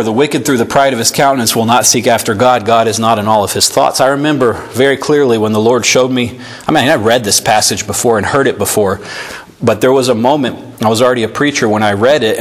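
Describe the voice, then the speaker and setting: Male pastor, earnest and animated sermon delivery in a church, mid-pitched voice. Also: brisk. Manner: earnest preaching, animated, reads scripture aloud. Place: church sanctuary.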